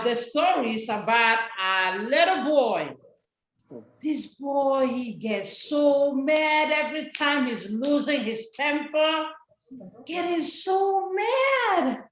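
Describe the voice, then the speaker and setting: Animated church storyteller for kids, high voice, slow delivery, over a video call in a roomy echo. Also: female voice, lo-fi sound, a little hiss or hum. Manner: animated, expressive, asks kids questions.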